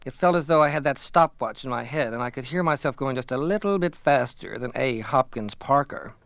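A man voicing a quiet teenage boy athlete. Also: animated, a little fast, vocal fry, no echo. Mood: amazed. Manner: low-key, subdued.

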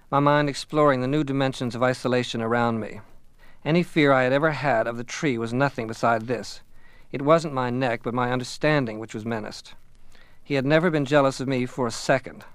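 A man reading a first-person story aloud in a measured, reflective way. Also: mid-range voice, clear, resonant tone, no echo. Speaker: audiobook narrator. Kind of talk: scripted first-person narration.

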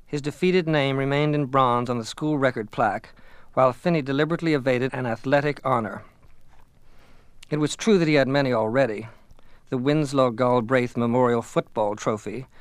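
A man's voice: mid-range voice, no room sound. Man reading a novel, dry and close. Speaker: audiobook narrator. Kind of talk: scripted first-person narration.

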